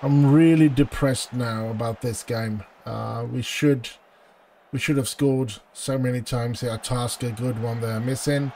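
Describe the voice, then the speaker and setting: A man's voice: mid-range voice, fairly even intonation, unhurried, mellow, slight background noise. A man commentating his own football management game, pleading with his team and groaning at misses. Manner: anxious, pleading, groans and outbursts of frustration. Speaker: gaming channel host. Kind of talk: let's play commentary.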